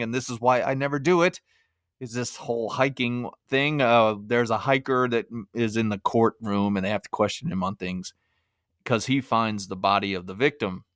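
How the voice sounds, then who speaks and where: A man's voice: mid-range voice, a bit bright, dry recording, clean studio sound. A man hosting a movie review podcast, talking casually with wry, self-mocking humor. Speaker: podcast host.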